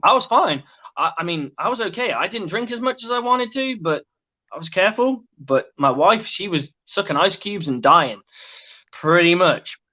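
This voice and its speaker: A man's voice: high voice, lively intonation, normal speed, pushed and bright, muffled recording. An English man telling stories as a guest in a casual sports chat, swearing and mimicking others. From England.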